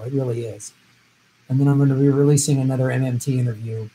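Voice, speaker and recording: A man's voice: medium pitch, mellow, slight background noise, low-quality recording. A man hosting a live stream, giving blunt, profane, opinionated commentary on election-night results.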